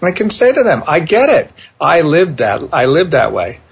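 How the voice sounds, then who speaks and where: A middle-aged man, a parenting therapist, telling a personal story in a lively conversational way. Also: fairly high pitch, gravelly, husky. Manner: animated storyteller, quick asides. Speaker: therapist and parenting author, guest.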